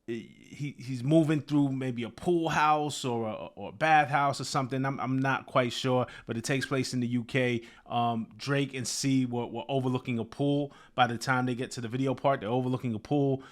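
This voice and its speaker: A man hosts his own show and talks through a new release in a relaxed, off-the-cuff way. He circles back and restarts his sentences often, with plenty of fillers. His voice sits at an ordinary middle pitch for a man. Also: moderate pace, few pauses. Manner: loose, conversational, many fillers and restarts. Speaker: host. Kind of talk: casual commentary on a music release.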